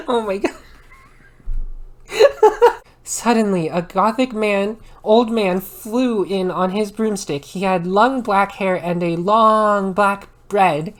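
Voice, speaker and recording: A woman doing an ASMR maid role-play, reading aloud with dramatic delivery and sudden loud outbursts. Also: medium pitch, takes it slowly, hardly any pauses.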